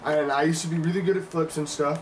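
A man's voice: a little high, fairly even intonation, fast talker, over a noisy crowd, close to an everyday voice. A teenage boy telling a story in casual talk, laughing through it, swearing, and acting out what he said back then. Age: teens. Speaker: teenager in a group. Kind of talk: casual improvised conversation. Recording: distant mic among chattering people.

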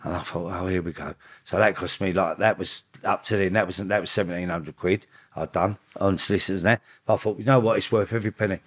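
Low-voiced man telling stories. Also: breathy edge. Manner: swearing, quotes others in rapid back-and-forth; animated, rising in pitch when quoting. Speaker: podcast guest. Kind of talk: casual storytelling.

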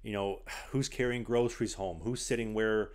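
A young man hosting a podcast, an animated storyteller who says "like" a lot in casual chat. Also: lowish voice, moderate pace, clean tone. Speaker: podcast host. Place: small apartment.

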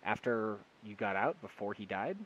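Guy reading as a keen young student, pushy questions, low deep voice, faint hiss. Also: moderate pace, a bit bright, lo-fi sound, close to an everyday voice. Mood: curious. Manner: curious, persistent questioning. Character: eager young male graduate student interviewer.

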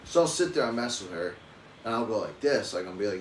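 A young adult man, a father, rambles through stories in a casual live-stream chat, swearing freely. His voice sits at an ordinary mid pitch. The room is echoey, with a faint hum of ambience behind him. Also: animated, normal speed, pauses often. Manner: rambling, profane storytelling. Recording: roomy echo with faint ambient noise.

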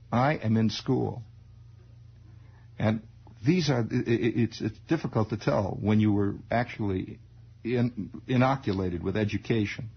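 A man's voice: mid-range voice, vocal fry, husky. A man in his forties from the United States, telling a rambling story as a radio host and laughing at his own tale. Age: 40s. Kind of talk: improvised radio monologue. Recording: dull old radio broadcast.

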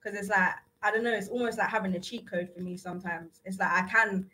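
A young woman talks on a radio show in a very bright, sharp voice. She chats casually and rambles, with a filler word in almost every sentence. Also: medium pitch, steady tone, fast talker, few pauses, rough recording. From South-East England. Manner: rambling, lots of filler 'like'. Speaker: guest. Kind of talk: casual chat. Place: radio studio.

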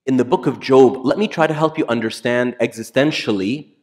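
A male priest giving a sermon in a church. He presses his points by repeating key phrases and often lets his voice sink low and soft for effect. His pitch sits in an ordinary middle range for a man. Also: fairly quick. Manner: emphatic, repeats key phrases, drops to a near whisper for quiet lines.

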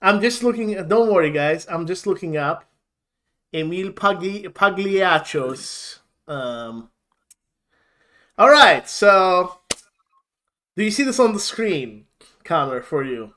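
A man co-hosting a casual gaming podcast, halting with fillers and restarts and laughing often. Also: sits high, lively intonation, pushed and bright. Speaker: podcast co-host. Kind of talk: casual chat.

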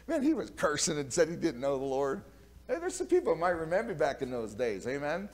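A pastor preaching a sermon, telling folksy stories, laughing at his own tales and swinging from quiet asides to loud, emphatic preaching. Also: medium pitch, sing-song, a little fast.

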